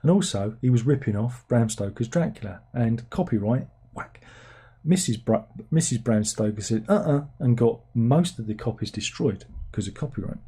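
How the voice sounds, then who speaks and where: Sarcastic man ranting, dark voice. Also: medium pitch, animated, normal speed, breathy edge. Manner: sarcastic, rambling, mocks with put-on plummy voices. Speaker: livestream host. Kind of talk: casual film rant.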